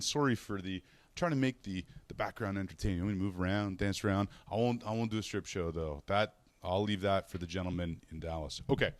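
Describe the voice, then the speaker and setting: A Canadian man hosting a fantasy sports radio show from a hotel room, telling road stories in a chatty, animated way and acting out the people he quotes. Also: on the low side, no echo. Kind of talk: casual solo show, storytelling.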